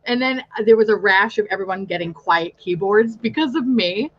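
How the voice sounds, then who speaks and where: A young woman hosting a casual chat, telling stories with lots of swearing and frequent laughter. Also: medium pitch. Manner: profane, laughs often, quick storytelling. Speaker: podcast host. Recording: slightly dull lo-fi audio.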